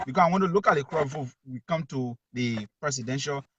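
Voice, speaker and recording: A man's voice: medium pitch, fast, a bit bright, lo-fi sound, a little hiss or hum. A man with a Liberian accent, a journalist calling in who argues emphatically and repeats his key words. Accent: Liberian English. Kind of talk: call-in talk show.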